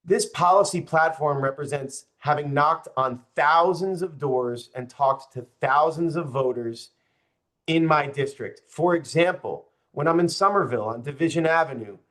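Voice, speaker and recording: A man's voice: fairly high pitch, a bit bright. A young man, a political candidate, speaking passionately and with open frustration to a group, addressing the audience directly. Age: young adult. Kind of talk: campaign speech to a group.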